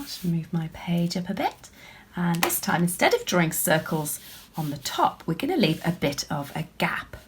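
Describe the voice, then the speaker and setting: A woman, an author and illustrator, chatting warmly and encouragingly to children as she draws along with them. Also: lowish voice, husky. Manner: chatty and encouraging, talking while drawing. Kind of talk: draw-along lesson for children.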